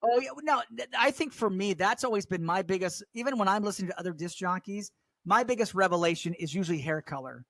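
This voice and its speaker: Man, radio DJ, casual storytelling, high voice, dry sound. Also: quick pace, dry recording. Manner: animated, acts out quotes with voices. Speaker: radio DJ, podcast guest.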